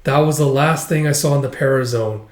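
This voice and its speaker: A man doing a calm, cryptic old space explorer. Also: medium pitch, brisk, echoey room, natural voice. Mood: solemn.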